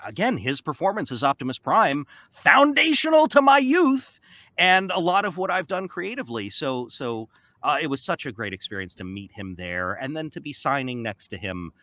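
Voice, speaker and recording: Lively, bright-voiced man telling stories. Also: fairly high pitch, normal speed, dry recording. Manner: animated, excitable, often slips into playful character voices. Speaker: voice actor guest. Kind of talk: casual interview storytelling.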